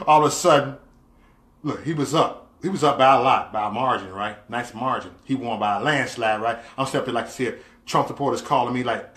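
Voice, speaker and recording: A man vlogging in an animated storytelling monologue, swinging from low asides to loud cries. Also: fairly quick. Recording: roomy echo.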